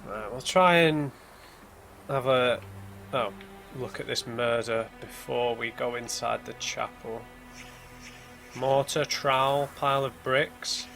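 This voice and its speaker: A man with a gravelly, creaky voice talks his way through a game, half-musing and half-muttering to himself as he pieces clues together. Eerie music and hymn-like singing play clearly beneath his commentary. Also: medium pitch, slow, long pauses, fairly bright tone. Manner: musing aloud, thinking things through as he explores. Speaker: let's play gamer. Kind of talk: blind let's play commentary. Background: eerie game music and hymns.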